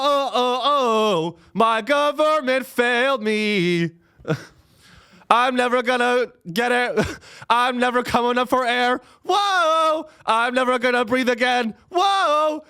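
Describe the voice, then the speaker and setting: A man singing a mock folk ballad as an eight-year-old girl, in a high voice full of long wailing whoas. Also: bright, forceful tone, smooth, full character voice.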